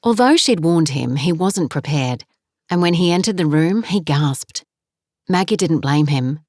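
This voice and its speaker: A woman reading a novel aloud in a measured, steady way. Her voice sits slightly low. The recording is close and dry, with no room sound. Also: no echo. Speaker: audiobook narrator. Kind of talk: scripted narration.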